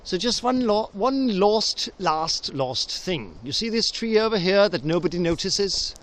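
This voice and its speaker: High, lively man rambling in a forest. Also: unhurried. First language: Danish. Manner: whimsical, punning, full of restarts. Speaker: vlogger. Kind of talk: rambling improvised monologue. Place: outdoors in a forest. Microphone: handheld camera, sometimes left on a tree.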